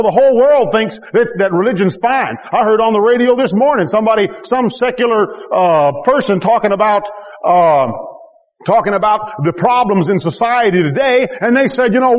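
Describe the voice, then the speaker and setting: A man's voice: high-pitched, long reverb tail. A man pastor preaching a sermon to his congregation, emphatic and repetitive, with joking asides. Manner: emphatic, repeats key phrases with rising intensity. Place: church.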